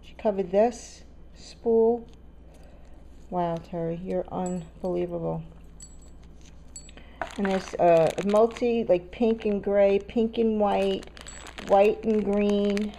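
A woman's voice: mid-range voice, steady tone, slow, creaky, long pauses, dark tone, a little hiss or hum. A woman chatting to camera as she unboxes a gift, gushing and gasping, repeating her exclamations. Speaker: craft vlogger opening a swap box. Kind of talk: excited unboxing chat to camera.

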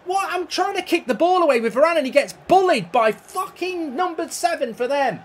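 Streaming a football video game live, this man speaks in an extremely high, animated voice, a little fast. He swears and rants about the match while replying to messages in his chat.

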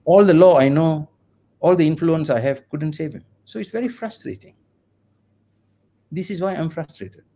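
A middle-aged Malaysian man speaks English with a distinct local accent, arguing his point over a video call with passion and insistence. His tone is dark and mellow, set a bit high for a man. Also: expressive, moderate pace, pauses often. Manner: impassioned, ranting, argumentative. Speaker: lawyer and writer guest. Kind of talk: online video interview.

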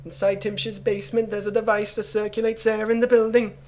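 A man's voice: sits high, flat delivery, brisk, darkish tone, pitched above the performer's own voice, lightly acted. A man putting on a raised, scheming assassin voice. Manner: strained, wandering put-on accent. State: fatigued. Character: scheming male assassin plotting revenge.

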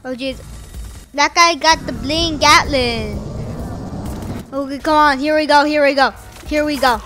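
A woman giving excitable live commentary over her own gameplay, chanting sound effects and repeating phrases as she plays. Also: sits high, a little slow, faint music behind. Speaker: gaming video host.

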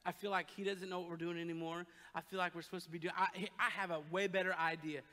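A man's voice: high-pitched, level tone, fast, sharp tone, voice pushed down. A man voicing a grumbling, complaining foot soldier in a whiny, sulky mutter during a sermon. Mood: fed up. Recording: long church hall reverb.

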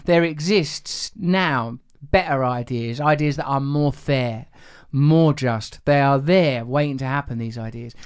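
A podcast host in a debate, speaking in slow, grand, philosophical phrases. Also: male voice, medium pitch, smooth. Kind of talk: debate discussion.

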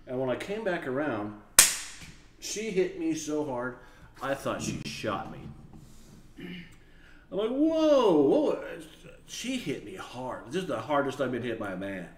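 A man's voice: mid-range voice, moderate pace, long pauses. A man casually telling a work story to camera, acting out the people in it. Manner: animated storyteller, acts out other people's voices. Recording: echoey room with faint background noise.

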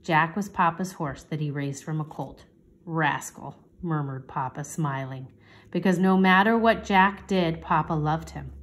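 A woman reads a chapter book aloud in a gentle storytime manner. Her voice sits on the lower side, and she lifts it brightly whenever a child speaks in the story. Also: normal speed. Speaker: teacher reading aloud.

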